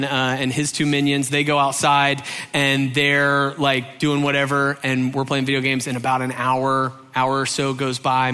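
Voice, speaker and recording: A man's voice: medium pitch, smooth. A man from Georgia in the US telling a humorous personal anecdote, acting out the voices of the people in it and often adding "right?". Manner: animated, acts out quoted voices, frequent "right?" asides. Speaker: storyteller.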